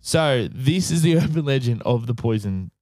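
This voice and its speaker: A man's voice: mid-range voice, expressive, normal speed, a little mellow, no echo. A man with an Australian accent telling stories on a casual podcast, crude and laughing as he jokes around. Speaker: podcast co-host, storyteller.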